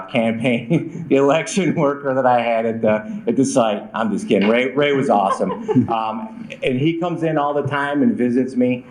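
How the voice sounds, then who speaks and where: A man's voice: medium pitch, darkish tone, roomy sound, rough recording. A man from a city ordinance department giving casual reminders at a council meeting, self-deprecating and repetitive. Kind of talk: public comment at a council meeting. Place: council chamber.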